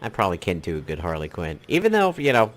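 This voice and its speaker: A man's voice: deep voice, huge pitch swings, fast talker. A man from New York giving casual, rambling commentary while playing a mobile game, with many fillers and asides.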